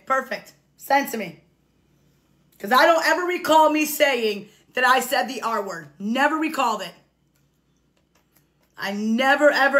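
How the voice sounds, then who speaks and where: Woman streaming live, sharp bright voice, keeps repeating herself on the defensive. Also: high voice. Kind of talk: casual live-stream talk.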